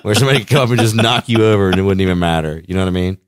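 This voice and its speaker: A man with a low voice rambles through crude, joking podcast banter, restarting his sentences as he goes. His delivery is blunt and profane, and the sound is dry and close. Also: racing, smooth, dry recording. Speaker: podcast co-host.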